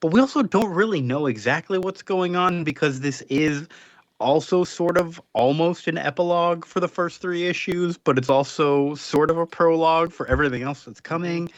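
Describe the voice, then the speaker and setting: A man's voice: a little high, normal speed, no room sound. A man co-hosting a casual comics podcast, recapping the plot loosely with lots of fillers. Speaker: podcast co-host.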